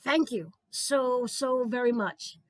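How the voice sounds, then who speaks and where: A fairly high-pitched, slow-speaking woman, recorded without echo, gives an earnest keynote in a conversational style. She's an older New Jersey native who retired as a physical education supervisor, and she leans on repeated key phrases for emphasis.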